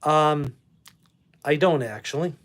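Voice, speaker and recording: A man's voice: a little high, a bit bright. A man hosting a live stream from his room at home, reading chat and answering bluntly with plenty of swearing. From Boston. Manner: blunt, profane, quick to dismiss with a laugh. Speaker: livestream host reading chat. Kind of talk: casual livestream chat.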